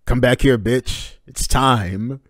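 A man's voice: slow, no echo, clean studio sound. A man voicing a cocky, gleeful young male pirate while reading comic dialogue aloud. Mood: taunting. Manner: read-aloud manga dialogue, pitched up.

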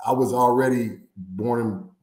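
A man from Indiana, a former football player, telling stories as an interview guest with animated, laughing delivery. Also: mid-range voice, unhurried, roomy sound, background noise. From Indiana, USA. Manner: animated storyteller, laughs often, acts out quotes. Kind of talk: casual interview storytelling.

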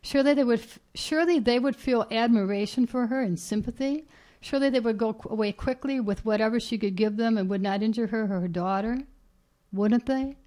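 A woman author reading her own short story aloud in a measured, even way at a reading event. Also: a little high. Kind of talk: literary reading. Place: reading event at a writers' house.

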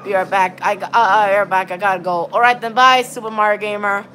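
A woman giving excitable, rambling live commentary on her gameplay while chatting with viewers. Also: mid-range voice, brisk, slight background noise. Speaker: game streamer.

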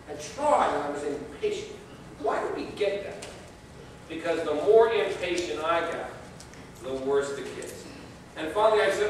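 Man, pastor, folksy storytelling sermon, fairly high voice, very echoey church, distant mic, faint hiss. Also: animated, moderate pace. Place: church sanctuary.

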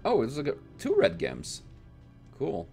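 Brief: male gamer, slow cursing commentary with wildly swinging pitch, faint game music underneath. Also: wildly swooping pitch, gravelly. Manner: exasperated, swears constantly, bursts into loud outbursts. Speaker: gaming channel host. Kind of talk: let's play commentary.

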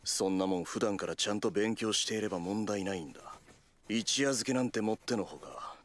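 An actor playing a proud teenage student council president in an anime, lecturing in a self-assured way. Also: male voice, lowish voice, very fast, lightly acted. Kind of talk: anime dub acting.

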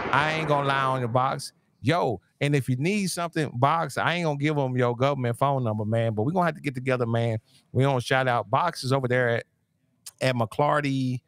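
A man co-hosting a sports podcast, talking in a relaxed, slangy way and laughing often. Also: medium pitch, no echo. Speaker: podcast co-host. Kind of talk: casual sports podcast chat and sponsor read.

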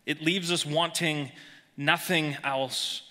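A male pastor preaching a sermon with emphasis, dropping soft and slow when quoting verses. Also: fairly high pitch, fairly even intonation, long reverb tail. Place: church sanctuary.

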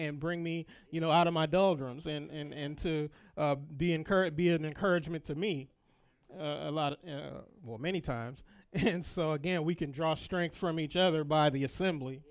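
A man's voice: on the high side, normal speed, clean tone. A middle-aged man teaching a Sunday school Bible lesson in church, rambling with folksy asides and repeated words.

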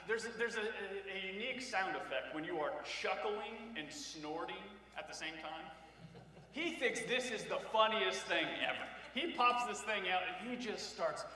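Bright-voiced man preaching in an echoey hall. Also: high-pitched. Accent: Ohio. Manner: storytelling with humor and asides to the congregation. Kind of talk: sermon. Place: church sanctuary. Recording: echoey church hall from far off.

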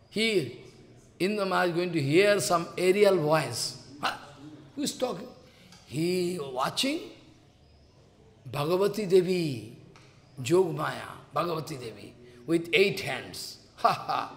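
A man's voice: high voice, a bit bright. A man giving a devotional lecture, telling a story and acting out the dialogue of gods in raised voices. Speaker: spiritual teacher. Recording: long hall reverb.

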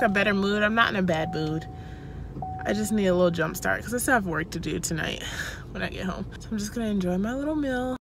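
A young woman chats to her camera in a casual vlog, self-deprecating and lively. Her voice sits in the middle of the range for a woman. The room is echoey, with faint noise behind her. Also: mid-range voice. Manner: chatty and self-deprecating, with drawn-out excited exclamations. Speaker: vlogger.

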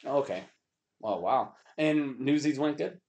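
A man's voice: mid-range voice, lively intonation, a little slow, darkish tone. A man hosting a casual podcast in a basement, rambling with lots of fillers and restarts. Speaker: podcast host. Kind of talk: casual chat. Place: basement studio.

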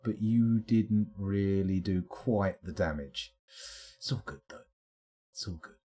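A man streaming live gameplay, narrating combat excitedly and joking with the game's characters. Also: mid-range voice, slightly rough. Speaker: game streamer.

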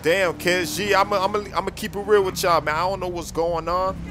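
Excitable young man role-playing in a game. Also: high voice, a little fast, music in the background. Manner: loud excitable slang-heavy street talk. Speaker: gaming YouTuber playing a character. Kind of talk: role-play gameplay commentary.

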